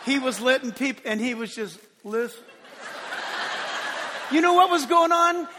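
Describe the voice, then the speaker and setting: A male pastor preaching a sermon to his church, emphatic, swinging between loud declarations and hushed asides. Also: very high-pitched, lively intonation, normal speed, in a large hall, noisy background. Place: church sanctuary.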